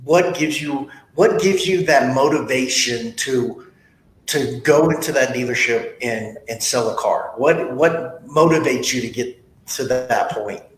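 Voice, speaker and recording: A man hosting a podcast interview, talking bluntly and motivationally with stories from his own life. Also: measured pace. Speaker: podcast host, sales trainer. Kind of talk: casual interview talk. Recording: echoey room with faint rumble.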